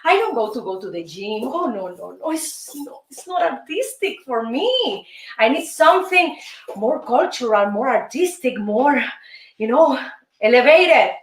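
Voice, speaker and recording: A woman with a Cuban Spanish accent teaches salsa in a high voice, counting the steps out loud. She speaks slowly, sounds far from the mic in a roomy, echoing space, and salsa music plays faintly behind her. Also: very animated. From Cuba. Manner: counts steps aloud and chants rhythm syllables; enthusiastic, encouraging, calls viewers "my friends". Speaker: host and dance teacher. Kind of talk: salsa dance lesson.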